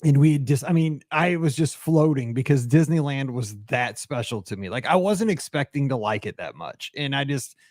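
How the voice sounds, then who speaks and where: A man's voice: medium pitch, animated, normal speed, hardly any pauses, darkish tone, no room sound, studio quality. A man hosting a podcast, chatting casually and gushing with enthusiasm, often laughing. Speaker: podcast host. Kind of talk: casual chat.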